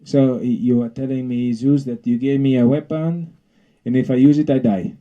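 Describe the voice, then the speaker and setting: A man voicing a small, stubborn female bee who talks in a shrill, insistent, quick way. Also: steady tone, highs cut off, close to an everyday voice. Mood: incredulous.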